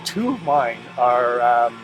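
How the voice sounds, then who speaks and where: Man, interviewer, chatty, fan-like enthusiasm, middle pitch, loud music behind. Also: big pitch swings, slow pace, lo-fi sound. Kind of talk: casual interview chat.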